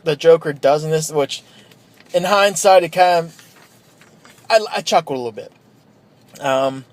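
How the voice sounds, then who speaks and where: A man casually reviewing a comic book, rambling with fillers and restarts. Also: on the high side.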